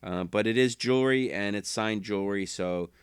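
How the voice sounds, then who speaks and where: A man's voice: on the low side, moderate pace, clean tone, no room sound, studio quality. A man casually rambling to camera about things he sold online, correcting himself and chuckling as he goes. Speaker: eBay reseller vlogger.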